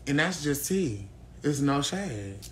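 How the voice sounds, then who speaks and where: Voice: mid-range voice, big pitch swings, slow, background noise. A livestream host in their twenties from St. Louis, chatting in a brash, crude, teasing way. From St. Louis, USA. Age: 20s. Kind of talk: casual live-stream chat.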